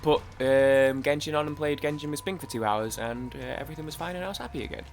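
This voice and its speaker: A man's voice: fairly high pitch, fast talker, a little hiss or hum. A man chatting casually while playing a video game, rambling, restarting his sentences and swearing now and then. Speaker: gaming YouTuber. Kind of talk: casual let's-play chat.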